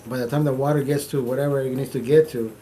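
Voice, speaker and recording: A middle-aged man hosting a stream, telling a story in casual, profane, animated talk, repeating phrases for emphasis. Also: mid-range voice, fast, soft background music. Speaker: streamer host.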